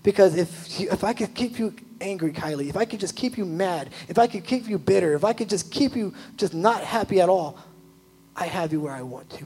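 A young man, a youth pastor, giving a casual, animated sermon full of "like" asides. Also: high-pitched, a little fast, breathy edge, low-quality recording.

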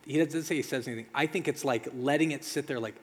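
A man preaching a sermon as pastor, talking conversationally with dramatic pauses and rhetorical questions. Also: mid-range voice, a little hiss or hum. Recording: long reverb of a large hall.

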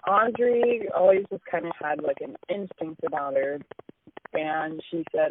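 A man telling a ghost story over the phone in an animated way, with a crackly line. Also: on the high side, a little slow, narrow, tinny audio. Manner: animated storytelling with acted quotes.

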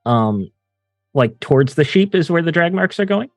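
A man's voice: a little high, expressive, normal speed, no echo, clean studio sound, soft background music. A man playing a tabletop game, giving short, casual replies in and out of character. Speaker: player.

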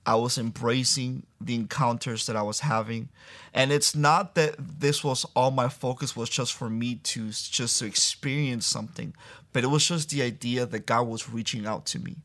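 A young man sharing a personal faith testimony as an interview guest, earnest and storytelling, acting out the voices he quotes and laughing softly now and then. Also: medium pitch, fairly even intonation, moderate pace.

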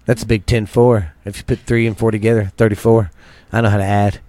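A man's voice: fairly low pitch, level tone, a little fast, mellow, no room sound. A man hosting a podcast in casual chat, goofy and full of jokes. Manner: goofy and joking. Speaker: host.

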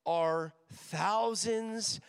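A man with a high voice preaching to a crowd of students in a big hall, his words trailing off in a long reverb. He talks with energy, jokes with the room and slips into quick voices for the people in his stories. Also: gravelly, clean tone. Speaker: missions director speaking at a school chapel. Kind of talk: sermon. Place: large hall with an audience.

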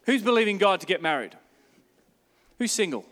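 A man's voice: high-pitched, sing-song, moderate pace, fairly bright tone, big-room sound. A man, a pastor preaching a sermon, telling stories with emphasis.

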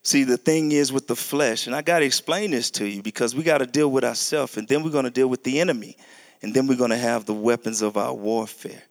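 A man preaching a sermon, reading scripture slowly and deliberately, then breaking into animated, sudden high and loud bursts. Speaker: pastor.

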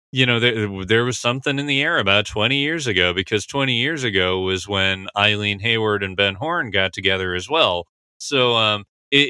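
A man's voice: mid-range voice, sharp tone, clean tone, no room sound. A man hosting a podcast who talks in a casual, rambling way, full of fillers like "you know" and "like.". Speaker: podcast host. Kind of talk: casual podcast episode discussion.

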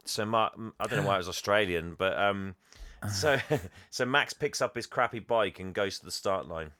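A man's voice: moderate pace, bright, forceful tone, no echo, clean studio sound. A man, casually recapping a film for a co-host, laughing often and acting out lines. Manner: chuckling, acts out lines in higher voices. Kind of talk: casual chat, reading out scenes.

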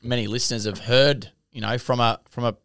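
Australian male co-host, laid-back, smooth dry voice. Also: mid-range voice, steady tone, fairly quick, a bit bright, no echo. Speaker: podcast co-host. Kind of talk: casual chat.

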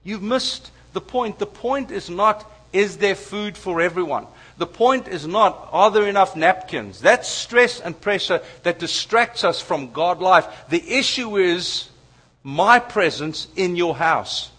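A man voicing Jesus gently correcting Martha, speaking slowly with emphatic repetition. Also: sits high, expressive, breathy edge, exaggerated voice. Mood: gentle correction.

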